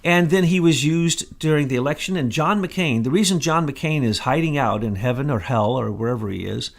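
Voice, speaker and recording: Gravelly man holding forth. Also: a little high, brisk. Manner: confident, sweeping, conspiratorial. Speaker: co-host. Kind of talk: conspiratorial political talk.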